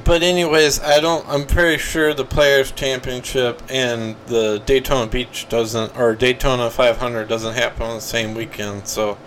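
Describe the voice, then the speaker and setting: A man's voice: medium pitch, flat delivery, unhurried, few pauses, a bit bright, a little hiss or hum, rough recording. Man co-hosting a chatty podcast. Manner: hesitant, lots of ums. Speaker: podcast co-host. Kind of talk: casual chat.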